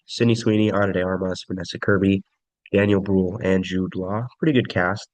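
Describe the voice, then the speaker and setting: A man's voice: deep voice, fairly even intonation, a little fast, no room sound, poor audio. A young man casually ranking movies he saw, laid-back and chatty with frequent ums. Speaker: movie reviewer.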